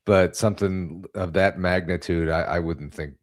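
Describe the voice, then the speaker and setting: Deep-voiced male podcast host. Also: fairly even intonation, normal speed. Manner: brief supportive backchannels, hesitant questions. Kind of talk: casual interview.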